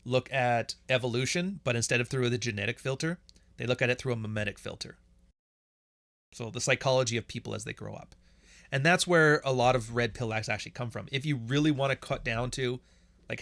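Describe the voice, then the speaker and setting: A Canadian man talks off the cuff as a podcast host, blunt, profane and sarcastic, often breaking into laughs. His voice is bright and forceful, at a middling pitch. The sound is dry and close, with no room echo. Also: fairly quick. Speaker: podcast host answering chat questions. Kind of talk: casual livestream chat.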